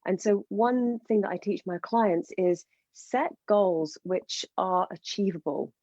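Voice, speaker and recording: A woman speaks with passion as a fertility coach on a podcast. Her voice is warm and mellow, and the sound is dry and close. The recording is a little dull and lo-fi. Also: medium pitch, slow pace, no room sound. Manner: passionate, enthusiastic explaining. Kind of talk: podcast interview.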